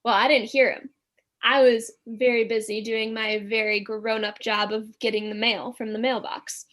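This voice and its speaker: Young female guest with a slightly high pitch, animated storyteller who acts out the dialogue. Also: moderate pace. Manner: animated, acts out quotes, many "like" fillers. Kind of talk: casual storytelling.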